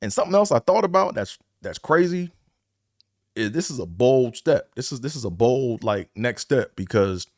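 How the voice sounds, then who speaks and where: A man's voice: medium pitch, animated, normal speed, darkish tone, no room sound, studio quality. A man hosting his own podcast, talking casually and rambling in slangy bursts, often repeating himself. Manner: slangy and conversational. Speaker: podcast host. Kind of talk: casual solo podcast talk.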